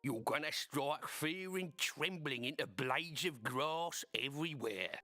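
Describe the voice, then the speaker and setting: A man's voice: a little high, a little slow, pushed and bright. An actor voicing an old, sardonic male servant in a video game, dry and condescending. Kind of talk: 1990s video game voice acting.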